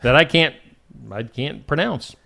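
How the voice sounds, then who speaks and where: Bright, lively male morning show host. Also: on the high side, measured pace, vocal fry. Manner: jokey, reads headlines then riffs on them. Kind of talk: casual radio chat reading odd news.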